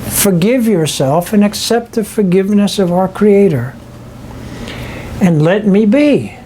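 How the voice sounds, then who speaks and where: A gentle, loving wife's spirit, voiced by an older storyteller, speaks softly and reassuringly. The delivery is slow and unhurried, with no big change of voice. A faint hum sits behind. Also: male voice, high voice, expressive. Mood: tender.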